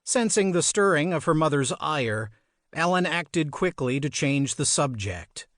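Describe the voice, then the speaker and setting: A man narrating an audiobook in a measured, expressive storytelling manner. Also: a little high, no echo, clean studio sound. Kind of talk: scripted narration.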